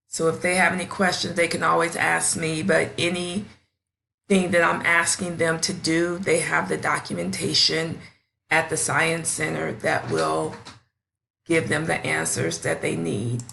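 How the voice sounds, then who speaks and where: A woman who teaches fifth grade, presenting a classroom science station in a deliberate, instructional way with small slips. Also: sits low, flat delivery, gravelly, sharp tone, a little hiss or hum.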